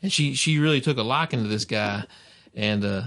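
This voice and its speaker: A man on a casual podcast, telling anecdotes with lively acted-out bits. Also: medium pitch, fairly quick, creaky. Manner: animated storyteller, acts out voices in anecdotes. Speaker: podcast co-host. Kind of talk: casual chat.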